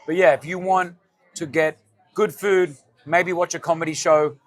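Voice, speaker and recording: An energetic man with an Australian accent, a restaurant owner and radio host chatting casually in an interview and acting out quoted lines as he tells stories. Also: on the high side, normal speed, faint music behind. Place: restaurant comedy club.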